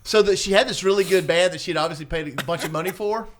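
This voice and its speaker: A man's voice: high voice, fast. A man on a podcast telling stories in casual chat, swearing freely and acting out what people said. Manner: profane storyteller who acts out quotes. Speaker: podcast regular.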